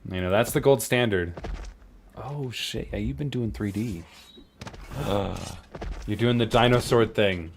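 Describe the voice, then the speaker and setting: A young man streaming, reviewing viewer animations in casual, blunt commentary, quick to swear and laugh. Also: lowish voice, gravelly, slight background noise.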